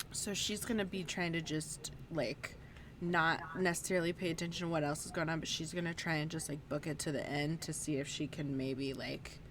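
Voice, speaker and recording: Woman, player, low voice, hesitant, fillers, faint noise. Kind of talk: casual tabletop play.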